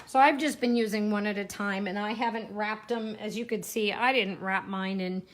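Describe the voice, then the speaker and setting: A woman's voice: medium pitch, steady tone, moderate pace. A chatty woman giving a casual live card-making demo, talking while she works and joking about herself. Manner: chatty, self-deprecating, talks while working.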